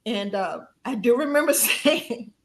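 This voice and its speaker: A woman guest on a podcast telling a personal story in an animated conversational way, laughing often and jumping high in pitch when she quotes herself. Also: a little slow.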